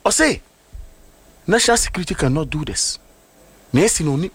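A man's voice: on the high side, big pitch swings, fairly quick, a bit bright, slightly rough, no echo. A man with a Ghanaian accent, speaking as a political guest on a talk show with emphatic, scornful commentary and rhetorical questions.

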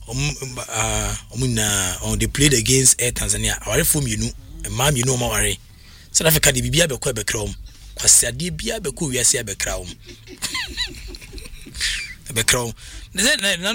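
A man giving casual sports news commentary, talking excitably with emphatic repetitions and frequent restarts. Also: mid-range voice.

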